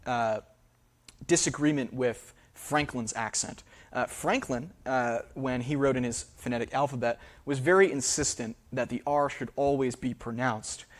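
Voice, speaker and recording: A man giving a public lecture in a theater, hesitant and full of fillers, often checking in with the audience. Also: mid-range voice. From New England. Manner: hesitant, many fillers, frequent "right?" checks.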